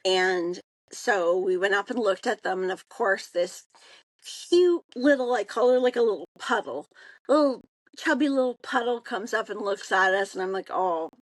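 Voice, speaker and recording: A woman, co-hosting a podcast and telling a casual story in an animated way, acting out the people she quotes. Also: medium pitch, normal speed, dry recording, poor audio. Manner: animated, acts out quoted voices. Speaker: podcast co-host.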